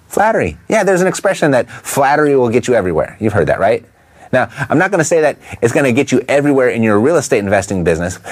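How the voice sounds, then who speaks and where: A man coaching listeners in an instructional talk, stressing his points and asking quick rhetorical questions. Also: mid-range voice. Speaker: real estate investing coach.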